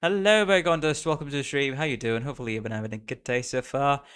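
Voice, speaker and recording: A man's voice: medium pitch, steady tone, racing, fairly bright tone, smooth. A young man from the Caribbean chatting casually and laughing at himself while streaming a game. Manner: chatty, self-mocking, laughs often.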